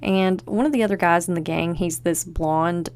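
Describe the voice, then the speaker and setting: A woman's voice: fairly low pitch, normal speed, a little mellow, smooth. Chatty woman recapping an old show. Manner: chatty, acts out quotes from the show. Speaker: podcast host. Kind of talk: casual episode recap.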